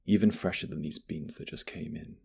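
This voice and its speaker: A man playing a husky, gravelly flirty barista in whispered role-play. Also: deep voice, steady tone, a little fast, heavily acted. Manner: flirty, teasing, soft-spoken. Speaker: ASMR roleplay voice actor.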